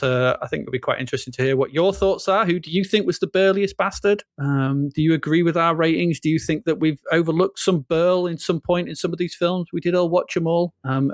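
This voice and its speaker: Bloke hosting a podcast, chatty, laughs a lot, dry close sound. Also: male voice, on the high side, dry recording. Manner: chatty, laughs often, rambling plugs. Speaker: podcast host. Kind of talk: casual chat.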